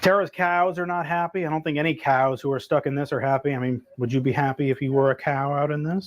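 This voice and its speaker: A slightly hoarse man, a meteorologist, giving a relaxed, conversational live weather briefing and answering viewer reports. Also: on the high side, fast, hardly any pauses. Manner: relaxed, conversational, plenty of filler words. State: hoarse, losing his voice.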